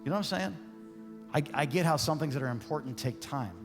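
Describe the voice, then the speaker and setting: A man preaching a sermon as pastor, animated and conversational, often asking the congregation questions. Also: on the high side, fast, music in the background. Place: church sanctuary. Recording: long reverb of a church hall.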